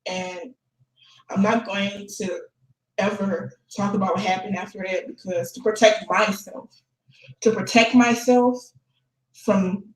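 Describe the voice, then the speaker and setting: A woman's voice: mid-range voice, fairly even intonation, measured pace, long pauses, reverberant, poor audio. A young woman in her late teens, talking in a casual, flippant way in a confessional vlog and laughing between sentences. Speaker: vlogger.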